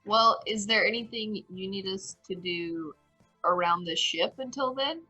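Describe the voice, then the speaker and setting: A woman's voice: mid-range voice, measured pace, pushed and bright, faint music behind, low-quality recording. A woman playing a tabletop game, chatting casually with eager questions. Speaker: player.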